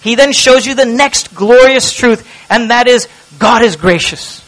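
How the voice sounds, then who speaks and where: A man preaching a sermon with passion, dropping to a hush and rising to loud cries. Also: very high voice, unhurried, low-quality recording. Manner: impassioned preaching, swings from hushed to loud. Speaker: pastor.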